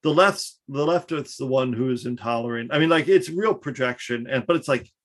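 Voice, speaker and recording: A man's voice: medium pitch, a bit bright. A man co-hosting a casual podcast, chatting about the news with frequent restarts. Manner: conversational, halting restarts. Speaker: podcast co-host. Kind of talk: casual political chat.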